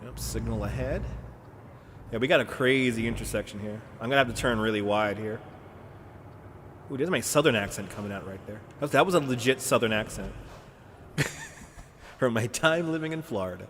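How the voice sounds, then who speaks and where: A man's voice: medium pitch, animated, a little fast, long pauses, fairly bright tone. Joking man streaming over engine hum. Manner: joking, laughs often, self-mocking asides. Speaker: live streamer. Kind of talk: casual chat while playing a driving game.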